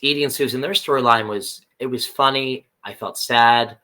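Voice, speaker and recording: Guy on a podcast walking through an episode, mid-pitched voice, acts out the lines. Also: normal speed. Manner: animated storyteller who acts out characters' lines. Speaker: podcast co-host. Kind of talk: casual chat recapping a TV episode.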